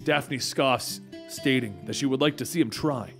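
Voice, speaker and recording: A man's voice: mid-range voice, normal speed, gravelly, faint music behind. A man narrating a comic book story in a dramatic, conversational way.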